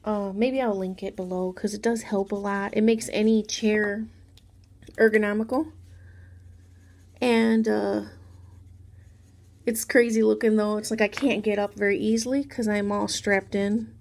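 A woman casually talking viewers through a drawing tutorial, chatty and softly spoken, with rambling asides. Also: medium pitch, flat delivery, a little slow, pauses often. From Mexican background.

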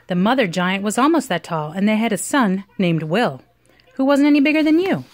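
A woman reading a picture book aloud to a young child at home, with expressive storytelling. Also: medium pitch, a little fast, a little hiss or hum. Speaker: reader.

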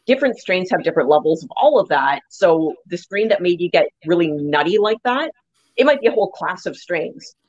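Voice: mid-range voice, big pitch swings, a little fast, no echo, highs cut off. A podcast co-host in casual chat, explaining things at length.

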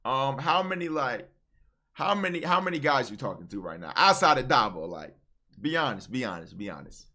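Bright-voiced young man, teasing streamer host. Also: mid-range voice, brisk. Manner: animated, teasing, keeps interrupting with repeated words. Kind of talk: casual livestream matchmaking chat.

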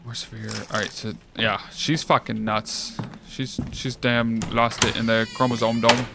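A man giving casual, profane, excitable commentary while playing a video game. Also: mid-range voice, a little slow, noisy background. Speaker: let's play gamer. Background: game music.

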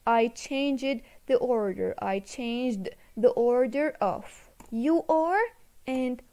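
A woman's voice: a little high, extremely slow, warm tone. A woman teaching an English video lesson to children, encouraging, repeating words and switching into to explain.

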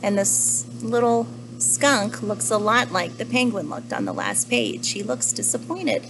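A young adult woman teacher gently reading a picture book to children and asking them questions about the pages. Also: medium pitch, huge pitch swings, measured pace, background noise. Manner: gentle, asks the listener questions. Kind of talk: children's story read-aloud.

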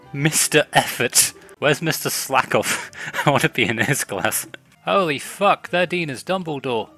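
A man's voice: on the high side, bright, forceful tone. A man giving casual, profane, joking commentary while playing a game. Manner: profane, laughing, mocking banter. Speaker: let's play commentator.

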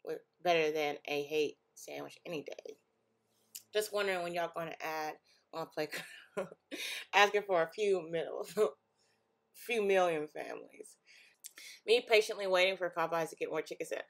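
A young woman vlogger casually reacting to online posts, talking in an animated way and often breaking into laughs and exclamations. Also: fairly low pitch, moderate pace, long pauses.

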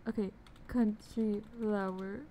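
A woman's voice: medium pitch, flat delivery, takes it slowly, dark tone, a little hiss or hum. A young woman streaming a game live, chatting casually and bubbly with her viewers, laughing often. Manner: bubbly, giggly, talks to chat.

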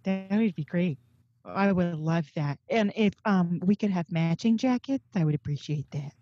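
A woman's voice: fairly low pitch, lively intonation, moderate pace, warm tone, no echo, dull audio, soft background music. A woman comedian playing a scatterbrained, gushing older superfan, stammering over a video call. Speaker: comedian interviewer.

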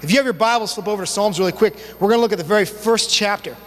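A young man preaching a sermon as youth pastor, telling stories in a casual, animated way with relaxed slang. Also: high-pitched, rapid-fire. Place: church sanctuary. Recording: long church hall reverb, faint hum.

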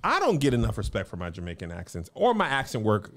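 A man's voice: lowish voice, wildly swooping pitch, quick pace. A man co-hosting a comedy podcast, joking and riffing playfully in casual chat. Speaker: podcast co-host.

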